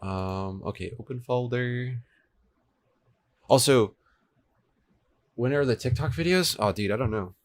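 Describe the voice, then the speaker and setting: At medium pitch and an unhurried pace, with long pauses, a man in his twenties chats laid-back with viewers on his stream. He's coding a game server in a home room where an air conditioner runs, and his desk microphone switches between two.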